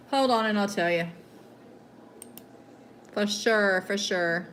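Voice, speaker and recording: A woman's voice: a little high, takes it slowly, a bit bright. Woman, southern accent, rambling chatty host, reads news aloud, faint noise behind. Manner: rambling, hesitant, with fillers and restarts. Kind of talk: casual news talk, reading articles aloud.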